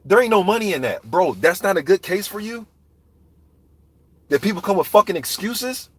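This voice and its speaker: A man's voice: sits high, very animated, moderate pace, a bit bright, husky, no echo. A man ranting heatedly and profanely about boxing, talking straight to viewers in a live chat. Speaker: boxing commentator. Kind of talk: ranting live stream commentary.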